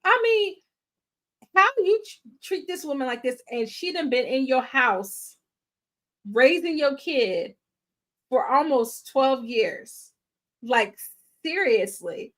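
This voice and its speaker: A woman hosting a casual movie reaction, talking to her viewers with playful slang and loud exclamations. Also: high-pitched, very animated, slow pace, long pauses. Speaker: film reaction host.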